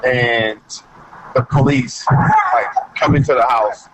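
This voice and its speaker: A man who is a coach, talking as a podcast guest in casual chat, telling stories in an animated way and saying "like" often. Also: medium pitch, slow pace, a little hiss or hum, rough recording. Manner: animated storytelling, frequent "like".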